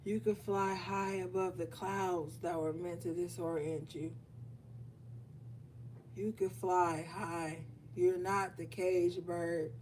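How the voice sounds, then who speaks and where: In a fairly low, darkish voice, a woman tarot reader offers her viewers an emotional and affirming spiritual reading, speaking directly to them. The recording has a distant mic and faint room noise.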